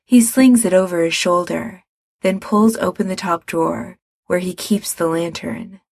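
A woman reading a story aloud, narrating the scene in an even storytelling manner. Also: fairly low pitch, a little slow, creaky, no echo, clean studio sound.

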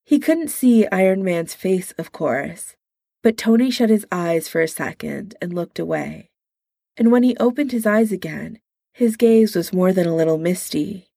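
A woman reading a story aloud in a calm, measured way. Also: medium pitch, gravelly, no room sound, studio quality. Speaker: narrator.

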